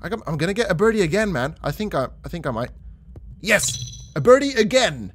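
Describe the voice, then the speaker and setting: A young man commentating his own mini golf game play, talking to himself and his viewers, gasping and yelling when shots go well or badly. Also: high-pitched, brisk. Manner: excitable, gasping and shouting at shots. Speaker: gaming YouTuber.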